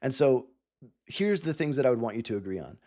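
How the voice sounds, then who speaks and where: A man's voice: mid-range voice, big pitch swings, brisk, dark tone. A man giving a coaching talk to founders, earnest and explaining step by step with examples. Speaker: cofounder coach.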